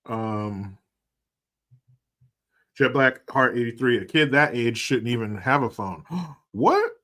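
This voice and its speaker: A man streaming and commenting casually, sarcastic and profane, often getting loud and animated. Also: medium pitch, slow.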